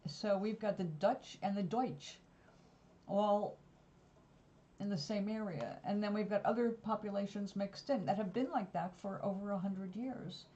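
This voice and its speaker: Warm-voiced New woman rambling. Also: mid-range voice, moderate pace. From New York. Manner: rambling, digressive storytelling. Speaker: vlogger. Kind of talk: casual chat. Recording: slightly dull lo-fi recording.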